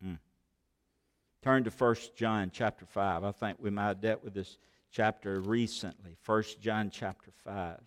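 A man preaching a sermon as pastor, swinging between loud exhortation and hushed asides with many rhetorical questions. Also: fairly low pitch, steady tone, measured pace. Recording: long hall reverb of a large sanctuary.

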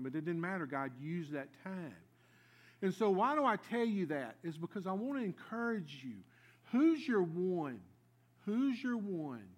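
A man, preaching a sermon in a folksy storytelling way, swinging between loud lively asides and quiet earnest stretches. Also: a little high.

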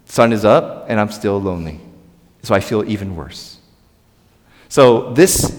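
A man delivers a sermon in a conversational, animated way, often asking the congregation to say words back to him. His voice sits at an ordinary pitch for a man. A long church reverb trails behind each phrase. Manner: animated, conversational preaching with audience call-and-response. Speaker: pastor. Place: church sanctuary.

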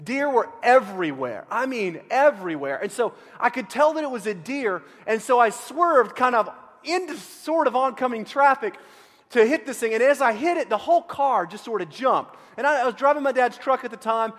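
A middle-aged pastor from Central Texas telling a self-deprecating story in a sermon, animated with frequent restarts. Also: male voice, very high voice, normal speed. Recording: long reverb of a large hall.

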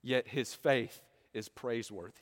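A man's voice: mid-range voice, measured pace. A man preaching a sermon, asking the listeners rhetorical questions and acting out the quoted voices. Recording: long hall reverb.

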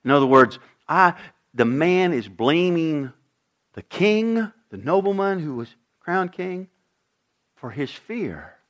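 A man preaching a sermon as pastor, swinging from quiet intensity to loud emphasis and putting questions to his congregation. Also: a little high, big pitch swings, slow pace. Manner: dramatic shifts in volume, acting out voices.

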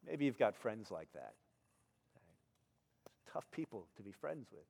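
A middle-aged male pastor preaching a sermon, telling stories in an animated way and acting out the people in them. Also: on the low side, unhurried, creaky, husky, long reverb tail. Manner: animated storytelling, acts out characters.

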